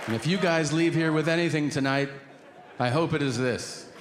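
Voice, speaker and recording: A man's voice: on the high side, normal speed, a loud crowd, very noisy. A male stand-up comedian telling a story on stage, acting out each side of the dialogue. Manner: animated storytelling, acting out both sides of dialogues. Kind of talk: stand-up set. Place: theater stage. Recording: live in a big hall with loud ambience.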